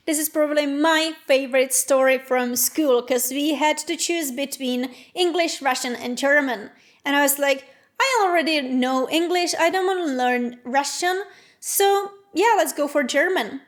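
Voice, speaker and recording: A young woman in her twenties hosting a casual vlog, chatty and self-deprecating, livening up as she tells stories. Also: high voice. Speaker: channel host and student.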